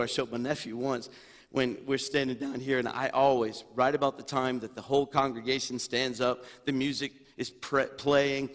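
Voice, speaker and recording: A man preaching a sermon as pastor, animated and swinging from quiet asides to loud exclamations. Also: medium pitch. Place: church sanctuary. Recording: long reverb of a large hall.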